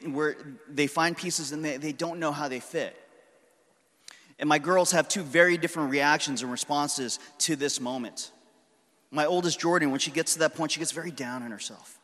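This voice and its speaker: High-voiced pastor preaching in a reverberant hall. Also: male voice. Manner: conversational storytelling, warm and earnest. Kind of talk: sermon.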